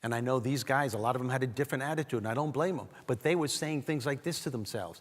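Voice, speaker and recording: A man's voice: mid-range voice, quick pace, few pauses. Man giving a keynote in a big hall. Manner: animated storyteller addressing the audience directly. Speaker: keynote speaker. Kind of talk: motivational speech. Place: large event hall. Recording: long hall reverb.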